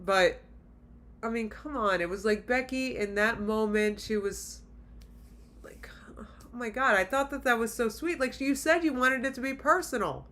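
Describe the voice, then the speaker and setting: A woman's voice: fairly high pitch, moderate pace, fairly bright tone. A woman hosting a reaction video, talking straight to her viewers in blunt, exasperated casual commentary.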